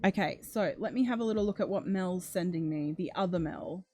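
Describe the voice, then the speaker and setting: Female true crime streamer, warm low-key tone, talking to chat, emotional. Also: brisk, no echo, soft background music. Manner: chatty, reacting to chat and reading comments; emotional, gasps, close to tears. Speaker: true crime channel host. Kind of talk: casual livestream commentary.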